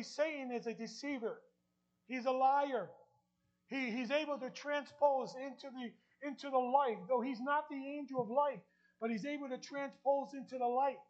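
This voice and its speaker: A man's voice: extremely high pitch, muffled recording. A man with a New Jersey accent preaching a sermon as pastor, emphatic, repeating key lines and putting questions to the congregation.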